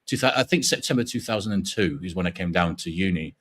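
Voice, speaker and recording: A man's voice: low-pitched, expressive, quick pace, a bit bright. A man in his forties from Yorkshire, with a faint Yorkshire accent, hosting a casual fan stream in a rambling, sweary way with easy laughs. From Yorkshire, England. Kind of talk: casual chat.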